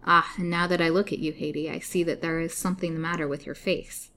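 A woman's voice: low voice, steady tone, quick pace, pushed and bright, slight background noise. A woman voicing a young captive woman who speaks bitterly and pleads. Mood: bitter, despairing.

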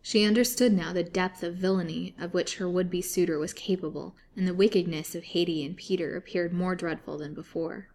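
A woman narrating a serialized story with steady, dramatic reading. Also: lowish voice, fairly quick, few pauses, a little hiss or hum.

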